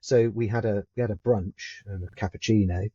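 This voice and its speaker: Warm-voiced Englishman with a polished RP accent. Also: lowish voice, moderate pace, dull audio, slight background noise. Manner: lively storyteller who acts out other people's voices. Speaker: podcast guest, theatre performer. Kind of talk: anecdotal storytelling in conversation.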